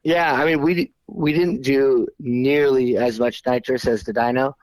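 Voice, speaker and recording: A man's voice: mid-range voice, fairly even intonation, unhurried, dry recording, low-quality recording. A man guesting on a podcast as a race champion, answering easygoingly with lots of fillers and laughs. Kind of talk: casual interview answers.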